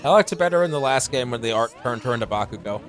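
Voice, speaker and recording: A man's voice: medium pitch, expressive, very fast. Wry joking gaming co-commentator man. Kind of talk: casual banter over gameplay. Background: faint game music.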